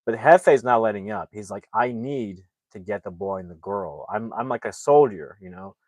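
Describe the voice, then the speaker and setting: A man's voice: fairly low pitch, animated, moderate pace, darkish tone, no echo. A man casually retelling a movie's plot as a reviewer, rambling with lots of fillers and restarts.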